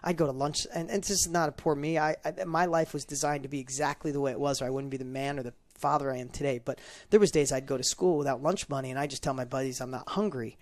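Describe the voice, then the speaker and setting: A middle-aged man, a guest on a show, telling an emotional personal story in an animated way, often repeating his words. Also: medium pitch, quick pace, hardly any pauses, no room sound. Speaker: podcast guest, entrepreneur.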